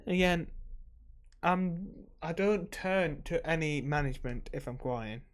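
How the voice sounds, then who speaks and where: A man's voice: on the high side, steady tone, takes it slowly. A man talking to camera in a casual, rambling vlog, emotional and swearing freely while he drinks. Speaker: vlogger.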